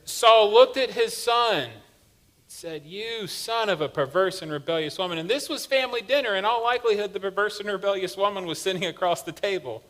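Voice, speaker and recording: A man preaching from the pulpit, his voice a little higher than most men's. He retells the story in a loose, conversational way and slips in light humor. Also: fairly bright tone. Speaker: pastor. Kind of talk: sermon. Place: church sanctuary.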